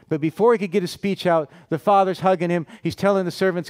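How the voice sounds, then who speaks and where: Storytelling male preacher, higher voice. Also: fairly even intonation, fast, hardly any pauses, darkish tone. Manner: storytelling, acts out characters' lines; asks the listeners questions. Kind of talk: sermon.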